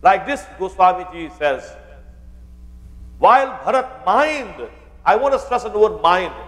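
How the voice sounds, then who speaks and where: High-voiced male pandit preaching in a hall. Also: lively intonation, fairly quick, fairly bright tone. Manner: addresses listeners as devotees, quotes scripture. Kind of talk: Ramayan sermon.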